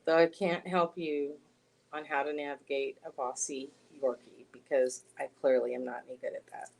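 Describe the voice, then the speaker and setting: Soft-spoken woman chatting on a live stream. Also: low-pitched, level tone, normal speed, vocal fry, poor audio. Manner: soft-spoken, gentle, laughs often. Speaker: oracle card reader and spiritual guide. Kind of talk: casual live-stream chat.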